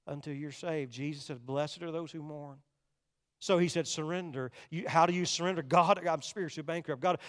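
An older man preaching a sermon, swinging between loud, urgent passages and hushed, quiet ones. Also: fairly high pitch, big-room sound. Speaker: pastor.

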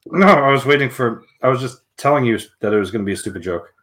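Male podcast co-host, mid pitch, giggly joker with deadpan asides. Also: fast. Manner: jokey, giggly, self-deprecating. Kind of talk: casual chat.

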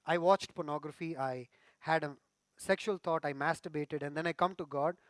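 A man's voice: fairly high pitch, moderate pace, a bit bright, no room sound. A man preaching a sermon as pastor, earnest and putting questions straight to his congregation.

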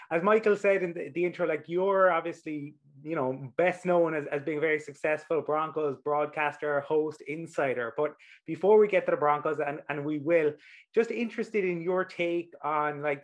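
A man co-hosts the show and puts relaxed, loosely worded questions to his guest. His voice sits a little higher than most men's. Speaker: podcast co-host. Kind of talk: interview questions.

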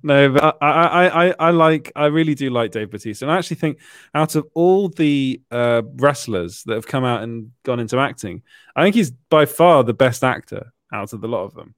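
A British man hosting a casual podcast chat, giggly and full of quick restarts. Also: medium pitch, lively intonation, no echo, clean studio sound. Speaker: podcast host.

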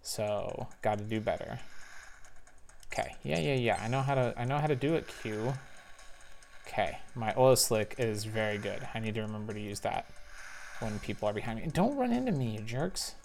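A man's voice: lowish voice, moderate pace, vocal fry, a little hiss or hum. Chatty man narrating his gameplay. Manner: chatty, thinks aloud, excited little outbursts. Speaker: gamer playing a spy video game; parent. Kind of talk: casual gameplay commentary. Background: faint game music.

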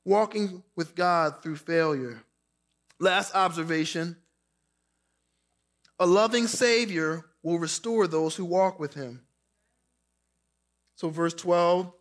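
A man preaching a sermon, reading scripture and acting out quoted lines, dropping soft and slow for tender words. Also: high-pitched. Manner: preaching with dramatic quoted voices, drops soft for Jesus' words. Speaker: pastor.

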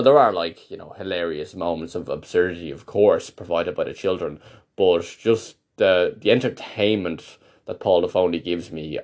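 A man's voice: low-pitched, darkish tone. A man delivering a casual, meandering monologue, wry and self-interrupting as he talks. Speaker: monologue host.

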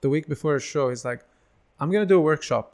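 In casual conversation, a man in his thirties who does stand-up shares stories in a slightly high voice at a quick pace. He's lively, performing the voices of anyone he quotes.

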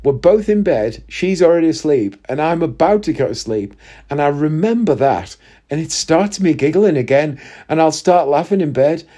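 A man in his forties with a slightly high voice, telling stories from his own life in a relaxed, chatty monologue. He laughs big and often and can't hold it in. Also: normal speed. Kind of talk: casual storytelling monologue.

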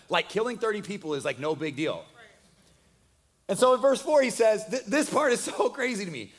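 High-voiced preacher retelling with jokes. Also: male voice, normal speed, pauses often. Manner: joking, conversational, animated retelling. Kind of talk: casual storytelling sermon.

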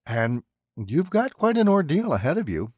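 A man voicing a calm, polite killer in an audiobook, speaking in a precise, mannered and coolly threatening way. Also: fairly high pitch, moderate pace, no room sound, studio quality, voice pushed up. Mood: menacing. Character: calm, menacing male killer, polite and unhinged.

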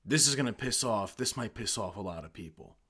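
A man's voice: fairly low pitch, expressive, brisk, pushed and bright, breathy edge. A young man from the United States, a guest on a podcast, telling stories in a brash, boisterous way full of swearing. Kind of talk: casual podcast storytelling.

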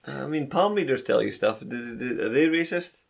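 Gravelly, laid-back podcast co-host. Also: male voice, medium pitch, animated, normal speed. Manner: laid-back, laughing, crude asides. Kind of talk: casual podcast banter.

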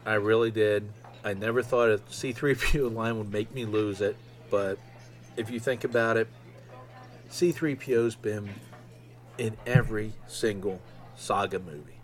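A man around fifty hosting a solo podcast, rambling excitedly with lots of ums. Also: on the low side, unhurried. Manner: excitable, rambling fan talk with many ums. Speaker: podcast host. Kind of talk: casual solo podcast monologue.

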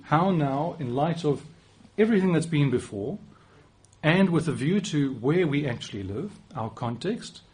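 A man's voice: fairly high pitch, animated, unhurried, darkish tone, slightly rough. A man in his forties with a South African accent, giving a conversational sermon with occasional restarts and light self-deprecating humor. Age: 40s. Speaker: preacher.

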